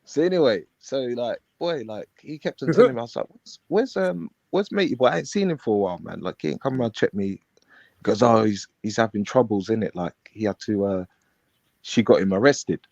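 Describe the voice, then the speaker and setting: On a live panel stream, a male guest rambles through a story in street slang, acting out the quoted dialogue. His voice is fairly low, animated, fairly quick and a little mellow, with no echo, though the stream audio is dull and lo-fi.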